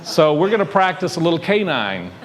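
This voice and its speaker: A man's voice: fairly high pitch, very animated, brisk, crowd noise. Man preaching a conversational sermon. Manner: conversational, asks the congregation questions. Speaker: minister. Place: church sanctuary.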